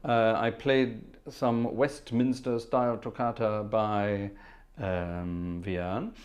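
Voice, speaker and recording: A man's voice: fairly low pitch, fairly even intonation, takes it slowly. Chatty man hosting a music livestream. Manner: chatty, jokey, greets viewers by name. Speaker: livestream host and organist. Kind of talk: casual livestream chat. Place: home music room. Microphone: headphones.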